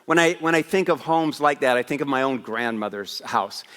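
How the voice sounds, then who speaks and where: A man preaching a Christmas Eve sermon as a pastor, telling a lively personal story with asides. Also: medium pitch, normal speed, in a large hall. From West Africa. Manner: animated storyteller, raising his voice for punchlines. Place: church sanctuary.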